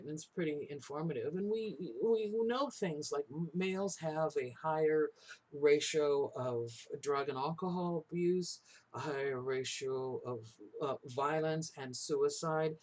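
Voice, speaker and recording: A man teaching a college class in a conversational lecture style, often checking in with "right?" and acting out what people say. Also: on the high side. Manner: talks in tag questions, acts out quoted voices. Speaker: college instructor.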